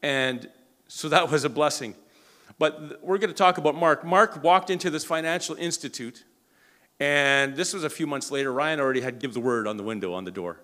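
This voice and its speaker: A man preaching a sermon, telling a story in an animated way and often restarting or repeating words. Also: a little high, brisk. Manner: animated, acts out quoted dialogue.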